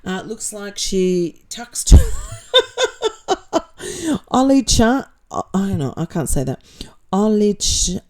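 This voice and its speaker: A woman's voice: medium pitch, very animated, unhurried, a little mellow. A woman with an Australian accent hosting a casual livestream, reading viewer comments aloud and answering them in a blunt, sarcastic way. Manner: blunt and sarcastic, swears freely.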